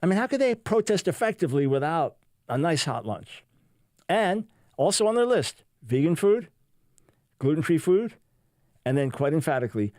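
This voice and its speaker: A man hosting a talk radio show, his voice sitting a bit high for a man. His delivery is sarcastic and mocking, with animated jabs. The studio sound is close and dry. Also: moderate pace, no room sound. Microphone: studio microphone.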